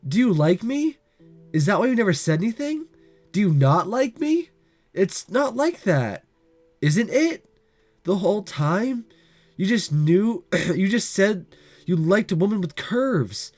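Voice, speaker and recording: Brief: hurt, pleading teen girl, read by a man with a cold, high voice over soft music. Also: very animated, unhurried, exaggerated voice. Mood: hurt, accusing. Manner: pleading, rising to accusation. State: has a cold. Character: teenage girl, childhood friend, emotional and hurt. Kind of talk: visual novel voice reading.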